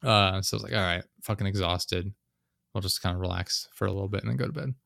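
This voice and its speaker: A man with a lowish voice tells a story in casual conversation, swearing freely as he vents. The sound is dry and close, with no room around it. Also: fast talker, vocal fry, a bit bright, dry recording. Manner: profane, ranting storyteller. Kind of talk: casual chat.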